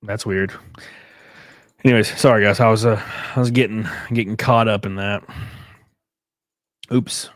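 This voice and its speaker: A man's voice: on the low side, steady tone, a little slow, pauses often, no echo. Sarcastic, swearing male streamer, dry mic. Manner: mocking, exaggerated voices. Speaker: live streamer. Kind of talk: casual live-stream talk, reading chat.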